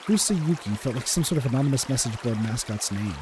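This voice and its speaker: A man's voice: mid-range voice, animated, fast talker, noisy background. A man streaming a visual novel, reading its narration aloud in a wry tone, with game music behind.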